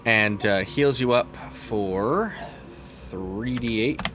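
A man's voice: on the low side, extremely slow, noisy background. A man narrating a tabletop role-playing game as game master, rambling with many fillers and restarts.

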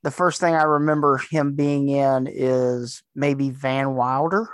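A man's voice: medium pitch, steady tone, slow, clear, resonant tone. A man co-hosting a casual podcast chat, laughing often, teasing his friends and chasing movie trivia. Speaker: podcast co-host.

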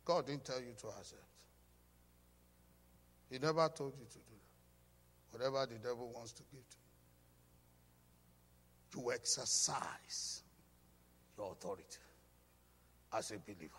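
A pastor preaching a sermon with emphatic call-and-response, urging the congregation to repeat after him. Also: male voice, medium pitch, unhurried, long pauses, fairly bright tone, slightly rough. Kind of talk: sermon teaching. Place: church hall. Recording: hall reverb.

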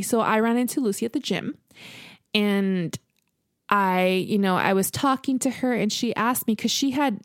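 A young woman in her twenties recounting a dating story in a relaxed, chatty way, peppered with "like" and "you know." Her voice sits in an ordinary middle range and is recorded close and dry. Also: mid-range voice, dry recording. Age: 20s. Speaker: podcast co-host. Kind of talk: casual storytelling.

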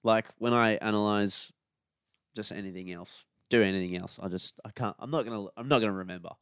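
A man's voice: on the low side, a little fast, fairly bright tone, smooth, dry recording. Australian man, young adult, podcast co-host, casual jokey chat, resonant voice, dry close sound. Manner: laid-back, jokey banter.

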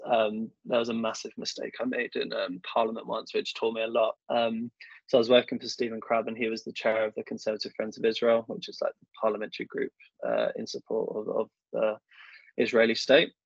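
Chatting on a podcast about his government affairs work, a young man tells self-deprecating stories stuffed with fillers in a casual interview. He speaks fairly quickly with a medium-pitched, level, creaky and slightly rough voice, in a dull, dry lo-fi recording.

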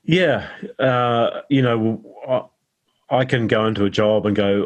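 A New Zealand man with a very low, deep voice talks through his stories in an easygoing, rambling way. He is a middle-aged actor chatting as a guest in a relaxed interview. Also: normal speed.

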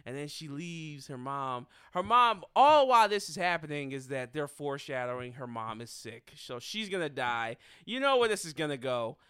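A young man co-hosting a podcast, talking casually about a film, swearing a lot and often bursting into loud laughter. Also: a little high, sing-song, moderate pace, few pauses, smooth, no room sound, clean studio sound. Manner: profane, breaks into loud laughter. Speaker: podcast co-host reviewing a film. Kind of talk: casual chat.

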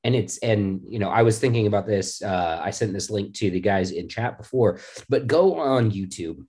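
Excitable husky-voiced man. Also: fairly low pitch, moderate pace. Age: middle-aged. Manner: excitable, swears freely, animated storytelling. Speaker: podcast co-host. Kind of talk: casual chat.

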